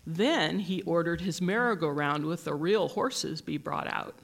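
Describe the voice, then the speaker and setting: A teacher reading a picture book aloud in a gentle, measured storytelling manner. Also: medium pitch, creaky.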